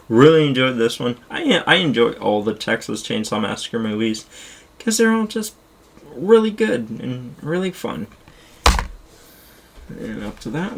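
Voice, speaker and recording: Young male streamer, gravelly and husky, excitable rambling host. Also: mid-range voice. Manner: rambling, excitable, swears casually. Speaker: streamer showing his movie collection. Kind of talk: casual chat.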